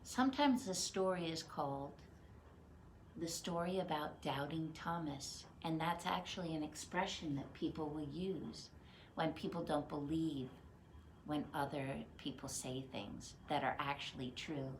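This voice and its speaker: A woman teaching children, telling a Bible story in an expressive way and asking the listeners questions as she goes. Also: sits low, a little slow, slight background noise.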